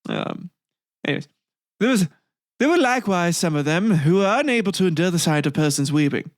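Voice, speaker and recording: A man's voice: high-pitched, expressive, fairly quick, dry recording, studio quality. A man hosting a comedic history podcast, reading old text aloud and breaking off into rambling, swearing asides with frequent laughter. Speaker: podcast host.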